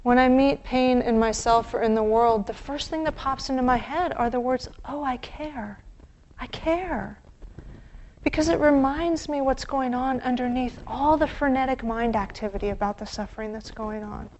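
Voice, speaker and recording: A woman meditation teacher giving a dharma talk, gentle and reflective, with pauses. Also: fairly high pitch, fairly even intonation, dull audio, a little hiss or hum.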